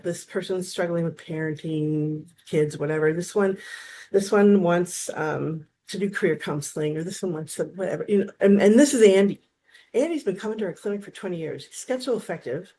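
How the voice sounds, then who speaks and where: A woman's voice: on the low side, moderate pace, a little hiss or hum. A woman in her fifties, a therapist, telling stories in a casual interview, full of restarts and acted-out dialogue. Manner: animated, acts out quoted dialogue, frequent restarts. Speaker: therapist, guest.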